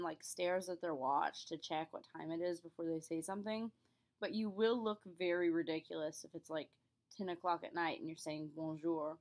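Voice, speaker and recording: Patient woman teaching a language lesson. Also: on the low side. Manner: clear, patient explaining with spoken examples. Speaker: French teacher. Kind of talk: classroom lesson.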